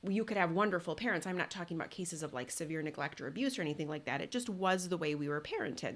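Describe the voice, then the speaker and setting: A woman's voice: on the low side, a bit bright. A woman hosting a solo parenting podcast, talking in an earnest, conversational way with restarts and repeated words.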